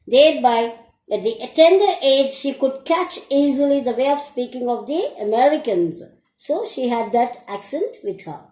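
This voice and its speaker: A woman with an Indian English accent teaching an English lesson, speaking slowly and deliberately and asking her students questions. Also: sits high, lively intonation, darkish tone, roomy sound, poor audio. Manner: slow, deliberate, asks the class questions. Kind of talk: classroom lesson recording.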